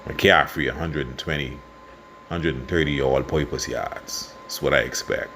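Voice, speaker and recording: A Bahamian man giving casual football commentary and predictions, passionate and quick to get worked up. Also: rumbling low, steady tone, a little hiss or hum. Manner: passionate, gets worked up and loud. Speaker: sports fan vlogger.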